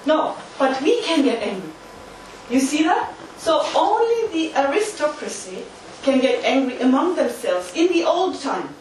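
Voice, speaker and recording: High-voiced woman lecturing in an echoey hall. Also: big pitch swings, a little slow, a little mellow. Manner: emphatic, uses volunteer demonstrations. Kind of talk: interactive lecture. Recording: echoey hall from far off, faint noise.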